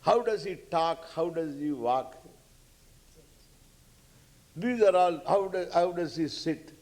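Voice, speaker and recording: A man's voice: a little high, slow, darkish tone. An older man, giving a scripture lecture with jokes and chanted verses. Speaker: spiritual teacher.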